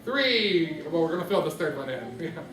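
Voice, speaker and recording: This music teacher's voice sits on the high side and sounds very animated and fairly bright, moving at a moderate pace. He patiently calls on students by name with questions, captured distantly amid the echo and background noise of a classroom.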